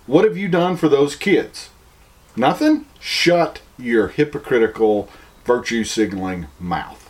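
Animated Southern man asking rhetorical questions. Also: unhurried. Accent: Southern American. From American South. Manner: preachy, rhetorical questions, mocking high-pitched imitations. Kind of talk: opinion monologue.

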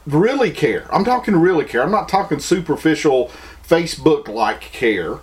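A man's voice: a little high, sing-song, moderate pace. A man with a Southern American accent, delivering an opinion monologue full of rhetorical questions and mocking imitations.

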